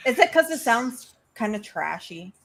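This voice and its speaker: A woman's voice: on the high side, very animated, unhurried, a bit bright. A woman with a New York accent, a podcast guest chatting casually and agreeably. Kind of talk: casual chat.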